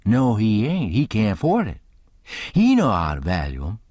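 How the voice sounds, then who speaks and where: A man's voice: lowish voice, wildly swooping pitch, moderate pace, a little mellow, dry recording, studio quality. A man reading an audiobook, voicing a stubborn, plain-spoken grown man in a river tale who argues in a folksy rural dialect. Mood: arguing.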